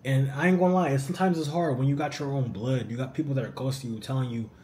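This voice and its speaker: A young man talks through a casual Q&A vlog. He is animated and slangy, and keeps throwing in "bro." His voice sits mid-range and sounds warm and mellow, with a faint hiss of background noise. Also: mid-range voice, fast talker. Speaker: YouTuber answering viewer questions.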